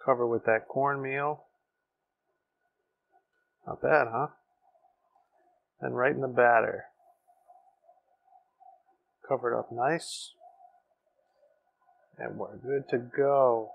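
A man's voice: mid-range voice, steady tone, slow pace, creaky, long pauses, narrow, tinny audio. An enthusiastic man hosting a casual barbecue cooking vlog, exclaiming and talking to his viewers. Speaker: BBQ cooking show host.

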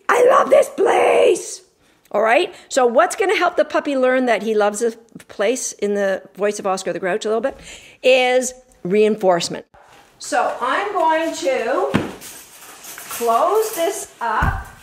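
A woman dog trainer giving a chatty live demonstration, explaining as she goes and breaking into bursts of cheery praise for a puppy. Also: high-pitched. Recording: echoey room with faint noise.

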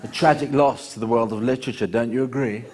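A man's voice: mid-range voice, steady tone, fast talker, heavy background noise, close to an everyday voice. A man voicing a pompous, bookish male spider in a beret who chats in a genteel, literary way.

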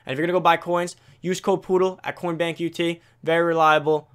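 Teen boy video host, rattles through tips at top speed, slightly high voice. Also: little pitch movement, fairly bright tone, smooth. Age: teens. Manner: rapid, self-correcting, talks straight to viewers. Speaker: gaming video creator. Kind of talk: fast casual game commentary.

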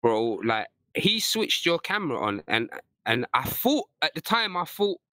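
A man's voice: fairly high pitch, very animated, a little slow, sharp tone, no echo, studio quality. A man, a guest on a stream panel, talking earnestly and hesitantly in casual chat.

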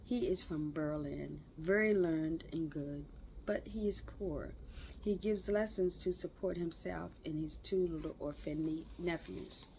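Practical landlady, amused and matter-of-fact, lowish voice as a woman reads her. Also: unhurried, darkish tone, a little hiss or hum, rough recording. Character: amused practical older landlady Mrs. Kirk.

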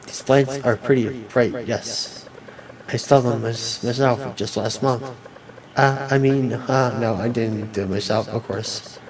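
A man reading video game dialogue aloud as a let's player, with a halting delivery and frequent restarts. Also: mid-range voice, fairly even intonation, poor audio.

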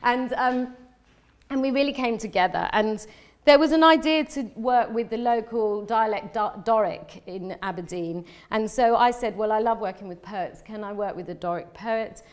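A Londoner with a slightly high voice talks through her slides at a moderate pace during a live lecture. Chatty and meandering, she frequently breaks off and begins again, laughing often and letting her emotions show.

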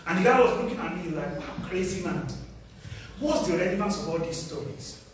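Nigerian preacher in an echoing hall. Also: male voice, lively intonation, brisk, a little hiss or hum. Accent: Nigerian English, Ekiti Yoruba. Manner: storytelling preacher, from low asides to loud emphatic declarations. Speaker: pastor. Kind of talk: sermon. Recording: echoey hall, distant mic, faint ambience.

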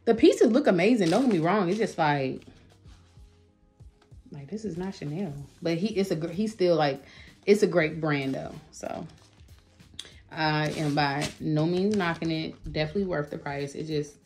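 A woman's voice: low-pitched, unhurried, pauses often, a little mellow, soft background music. A woman, chatting casually to her viewers in a home vlog, full of fillers and asides. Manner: chatty, addresses viewers as y'all, lots of fillers. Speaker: vlogger. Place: home office.

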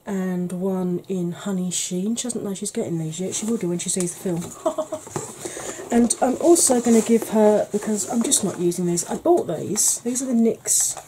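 A chatty woman with a mellow, warm tone talks quietly through a makeup declutter. She rambles a little and pokes fun at herself as she goes. Her pitch sits in an ordinary middle range. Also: a little hiss or hum, poor audio. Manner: chatty, rambling, self-deprecating; soft, quiet delivery. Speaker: beauty channel host. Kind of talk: casual makeup declutter chat.

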